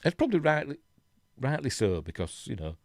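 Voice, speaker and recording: A man's voice: mid-range voice, very animated, fairly quick, no room sound, studio quality. A man with a Yorkshire accent hosting a live stream, chatting casually, reading news articles aloud and chuckling, with lots of rhetorical tag questions. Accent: Yorkshire English. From Yorkshire, England.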